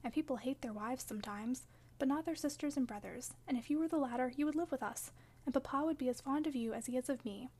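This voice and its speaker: Woman doing a pert impulsive teen girl, earnest, flares up quick, high voice, storybook reading. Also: warm tone, breathy edge. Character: impulsive, warm-hearted teenage girl. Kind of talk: audiobook character reading.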